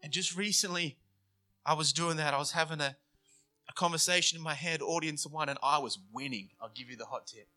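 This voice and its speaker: A man's voice: a little high, fairly quick, pushed and bright. A man preaching a sermon in an earnest, conversational way, slipping into acted inner voices to make his points. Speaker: pastor.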